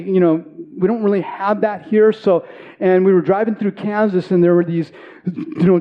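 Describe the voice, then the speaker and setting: A pastor in his forties with a high voice delivers a sermon, earnest and poking fun at himself. He tells a personal story, repeating words as he goes, and the audio sounds dull.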